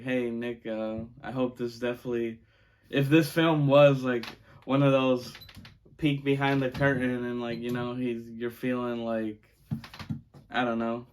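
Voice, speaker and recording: A man reviews a movie in loose, unscripted talk. He rambles and circles back, with plenty of fillers and small laughs. His pitch sits in an ordinary middle range. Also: a little hiss or hum. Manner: rambling, many fillers like "like" and "you know", laughs often. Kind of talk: casual spoken movie review.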